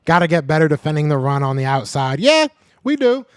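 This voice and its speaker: A man hosting a live podcast, reading the chat and trash-talking in a casual, animated way; he is a little sick. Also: fairly high pitch, brisk, clear, resonant tone, no room sound.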